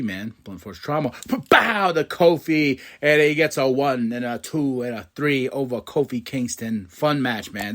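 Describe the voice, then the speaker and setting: A man hosting a podcast in a casual, excitable recap, laughing often and acting out quotes. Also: medium pitch. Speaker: podcast host recapping wrestling.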